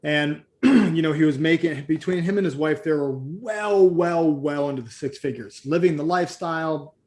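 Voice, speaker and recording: A man's voice: fairly high pitch, normal speed, a little mellow. A man leading a live group coaching call, telling stories and acting out the voices of the people in them. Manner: storytelling, acts out quoted voices. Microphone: video call.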